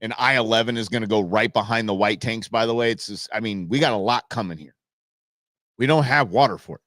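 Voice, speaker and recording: A man's voice: on the low side, brisk, a bit bright, no echo. A man hosting a live talk show, rambling and sarcastic in casual political commentary. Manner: rambling, sarcastic, restarts often.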